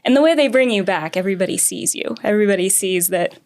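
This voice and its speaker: Guesting on a podcast, a young karting racer recounts at length how her racing began, frequently laughing and performing the quotes. Her mid-range voice is expressive, fast, and slightly mellow.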